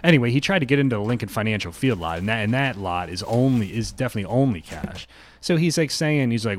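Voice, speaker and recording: A man's voice: lowish voice, sing-song, fast, no room sound. A man, co-hosting a podcast, telling a profane, ranting story in casual chat. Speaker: podcast co-host.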